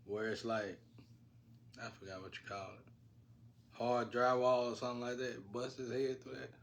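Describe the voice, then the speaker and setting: A man's voice: mid-range voice, steady tone, moderate pace, creaky. A man telling stories in a casual, rambling way, laughing often and using slang. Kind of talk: casual storytelling.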